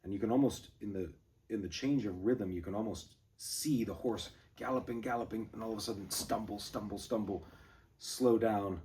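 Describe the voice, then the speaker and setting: A man reading a poem at a brisk, driving pace, then commenting casually with fillers and restarts. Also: on the low side, darkish tone, recorded from a distance, slight background noise. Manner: brisk galloping recitation, rambling asides with fillers. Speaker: poetry reader and commentator.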